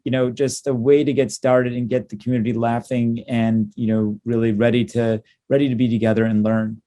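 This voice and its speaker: A man, a clinician, giving a conference talk, halting with many ums and uhs, upbeat in tone. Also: medium pitch, fairly even intonation, dark tone. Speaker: cystic fibrosis clinician presenting at a conference.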